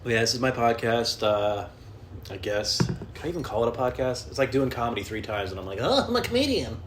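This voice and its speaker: A man's voice: mid-range voice, steady tone, fairly quick, slight background noise. A young adult man hosting a solo podcast from his home, rambling, cursing and making fun of himself as he jumps from topic to topic. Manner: self-deprecating, profane, jumps between topics. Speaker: podcast host and comedian. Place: at home indoors.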